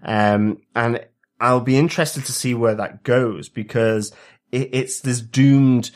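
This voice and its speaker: A man's voice: mid-range voice, slow. A man co-hosting a TV review podcast, talking casually and hesitantly, with many fillers and restarts. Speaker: podcast co-host.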